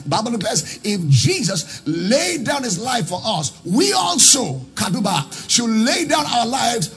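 A man preaching a sermon as pastor, swinging into sung, chanting lines and shouted calls to the congregation. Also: very high voice, sing-song, slow pace, slightly rough, faint music behind.

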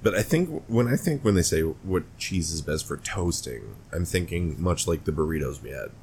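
A man with a very low, deep voice, co-hosting a podcast in a relaxed, folksy manner. Faint background noise runs under the recording. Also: moderate pace. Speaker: podcast co-host. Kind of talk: casual chat.

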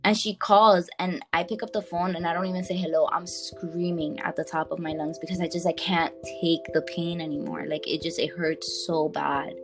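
A young woman casually telling a personal story to a friend on a podcast, animated and full of fillers, calling her listener "girl". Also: lowish voice, moderate pace, few pauses, faint music behind.

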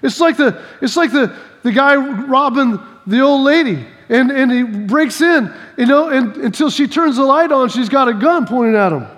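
This sermon comes from a man whose voice is very high for a male, delivered at normal speed. He shares lively personal stories, acts out scenes, and repeats key phrases to stress them, while long hall echo trails behind his words.

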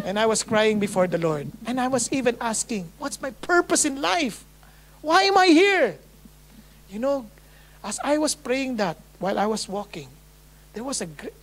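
A woman's voice: fairly high pitch, a little hiss or hum. A woman from the Philippines with a Filipino accent, preaching a testimony in a sermon and acting out her own past prayers with dramatic quoted lines. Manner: swings between hushed and loud.

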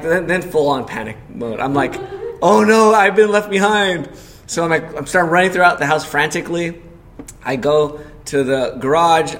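A man preaching a sermon as pastor, telling a personal story in a conversational way and asking the congregation questions. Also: on the high side. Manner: storytelling with loud acted panic in quotes.

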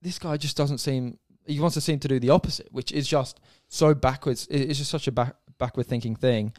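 Sounding a little fast, this man co-hosts a sports podcast and swears through an exasperated rant in a casual chat. He has a mid-range, darkish voice, and the studio-quality recording is dry.

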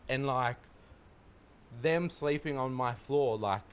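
Thoughtful man, candid and measured. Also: mid-range voice, slight background noise. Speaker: panel guest. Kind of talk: candid personal reflection in a group chat.

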